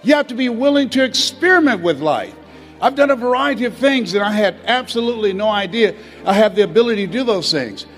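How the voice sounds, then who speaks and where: A man giving a motivational speech, telling stories and swinging between loud exhortation and hushed, confessional moments. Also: high voice, animated, a little fast, soft background music. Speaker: motivational speaker.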